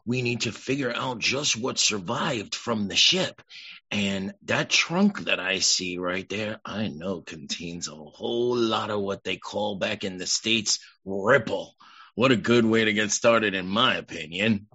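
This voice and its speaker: A chummy castaway, played by a man in an improv scene, folksy and coaxing. His voice is very low and husky. It comes through muffled, like a video call. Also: animated, a little slow, sharp tone, full character voice.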